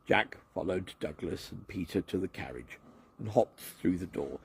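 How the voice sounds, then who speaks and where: A man reading a children's story aloud at home, with gentle chatty asides. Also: deep voice, normal speed, vocal fry, slightly rough, no room sound, studio quality.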